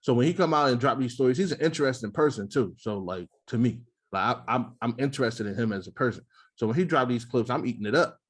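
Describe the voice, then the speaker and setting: A man co-hosting a podcast in casual banter, laughing often, swearing freely and slipping into quick impressions. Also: medium pitch, lively intonation, slightly rough. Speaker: podcast host.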